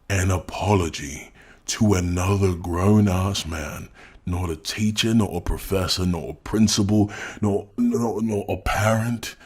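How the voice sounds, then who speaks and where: A man's voice: sits low, slow pace, husky. An English man giving mocking, exasperated reaction commentary, often laughing. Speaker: commentary YouTuber.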